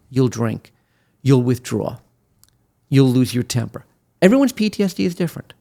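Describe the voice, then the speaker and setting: A man in his sixties from Brooklyn, a veteran attorney talking as an interview guest. He tells his stories in an animated way, with plenty of fillers and restarts. His voice sits at a middle pitch. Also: gravelly. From Brooklyn, USA. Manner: animated storyteller with many fillers and restarts who acts out quotes. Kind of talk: interview storytelling.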